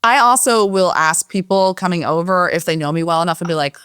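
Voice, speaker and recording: A woman with a fairly low voice talks casually as a podcast guest, wandering through her thoughts and filling them with "like." The sound is dry and close, with no room around it. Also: brisk, a bit bright, smooth, no echo. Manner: rambling, heavy use of "like". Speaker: cookbook author guest.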